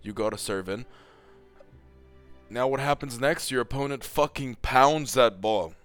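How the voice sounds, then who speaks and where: A man in a fired-up, profane rant, hammering his points with repetition. His voice sits at an ordinary middle pitch, and faint music plays underneath. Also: a little slow, fairly bright tone. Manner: profane, heated, emphatic. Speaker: tennis commentator. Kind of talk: casual opinionated rant.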